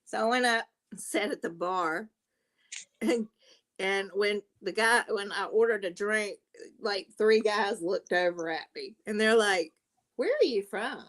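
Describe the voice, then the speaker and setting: A woman's voice: medium pitch, a little slow, a bit bright. A woman from South Carolina with a Southern accent, chatting casually and telling stories with frequent laughs. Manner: chatty storyteller, laughs often. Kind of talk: casual chat.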